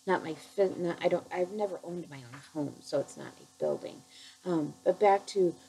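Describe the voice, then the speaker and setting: Heartfelt woman with a gravelly low voice. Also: wildly swooping pitch, mellow, faint music behind, poor audio. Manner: earnest, halting, heartfelt. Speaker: chemical dependency counselor. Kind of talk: personal recovery story.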